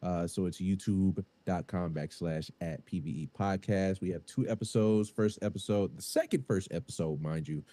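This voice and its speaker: A man's voice: deep voice, moderate pace, hardly any pauses, dark tone, no room sound. A man co-hosting a podcast, talking in casual chat with hesitant, repeated words. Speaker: podcast co-host.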